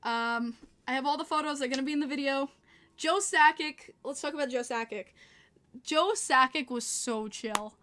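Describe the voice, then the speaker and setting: Bright and pushed, this young woman's high voice moves at a moderate pace. She's a podcast host with a Long Island accent, bubbly as she tells stories in casual conversation, laughing a lot.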